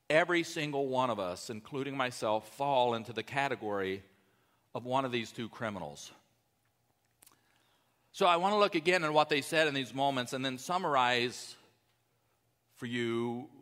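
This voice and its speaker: Male pastor, bright forward tone, conversational sermon in a hall with a long echo. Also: on the high side, clean tone. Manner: conversational, emphatic preaching with asides.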